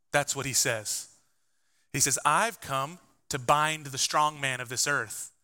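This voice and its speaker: A man preaching a sermon as pastor, emphatic, rising to loud bursts and dropping low, with conversational asides.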